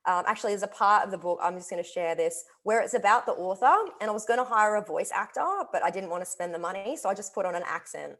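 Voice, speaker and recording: A guest author and wellness coach chats enthusiastically in a casual interview over a video call, peppering her talk with "literally" and "like." Her medium-pitched, fairly bright voice moves fast with few pauses.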